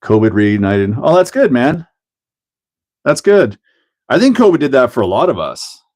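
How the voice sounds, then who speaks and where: A man's voice: mid-range voice, sing-song, moderate pace, a little mellow. A middle-aged man with a Canadian accent hosting a casual livestream, joking, laughing often and chatting while he builds a kit. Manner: laid-back, jokey, laughs often, reads chat aloud. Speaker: livestream host.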